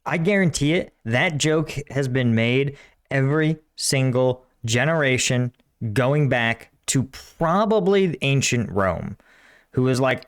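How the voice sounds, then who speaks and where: A man's voice: medium pitch, measured pace, clean tone. A man from Pennsylvania hosting a reaction video, joking and rambling in casual commentary.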